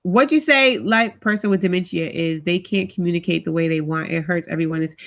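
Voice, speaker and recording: A woman's voice: fairly low pitch, a little fast, fairly bright tone. A woman hosting a casual live-stream chat, talking straight to her viewers in a heartfelt, chatty way with African American Vernacular English speech.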